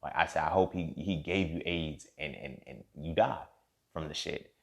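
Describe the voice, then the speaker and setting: A man's voice: very deep voice, moderate pace, vocal fry. A young man, candidly telling a personal story in a casual monologue and acting out the dialogue. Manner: candid and profane, reenacting dialogue, heated in spots.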